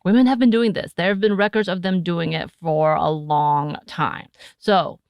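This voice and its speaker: A woman's voice: on the low side, fairly even intonation, normal speed, vocal fry, darkish tone, clean tone, dry recording, clean studio sound. An American woman co-hosting a podcast, chatting casually with playful asides and frequent laughter. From United States. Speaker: podcast co-host.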